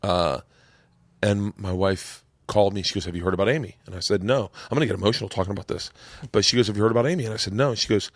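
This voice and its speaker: A man's voice: on the low side, fast, no room sound, clean studio sound. A man hosting a podcast, telling a story in a rambling way, repeating words and getting emotional. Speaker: podcast host. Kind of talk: casual chat. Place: home podcast studio.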